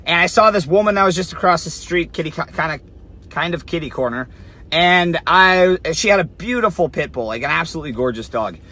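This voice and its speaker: A man's voice: fairly high pitch, animated, brisk, pushed and bright. A young man telling a story to camera in a casual, blunt way, swearing a lot and saying "like" often. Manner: blunt, heavy swearing, lots of "like". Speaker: fitness influencer.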